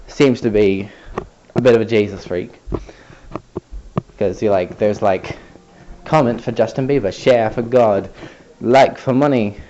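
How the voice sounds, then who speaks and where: A man rambles through a personal story in a casual vlog, sarcastic and loose, with plenty of swearing. His voice sits at an ordinary middle pitch. The recording sounds dull and lo-fi. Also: a little mellow, a little hiss or hum. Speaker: vlogger.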